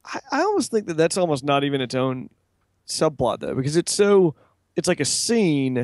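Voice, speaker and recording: A man co-hosting a casual horror-movie podcast, tossing in quick wisecracks. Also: on the high side, big pitch swings, a little mellow, dry recording, studio quality. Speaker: podcast co-host. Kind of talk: casual film discussion.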